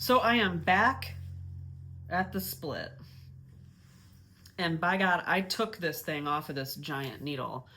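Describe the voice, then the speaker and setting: A woman's voice: deep voice, lively intonation, slow pace, pauses often, pushed and bright. A woman hosting a knitting podcast, talking casually in a chatty, self-mocking, rambling way with many restarts. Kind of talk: casual chat.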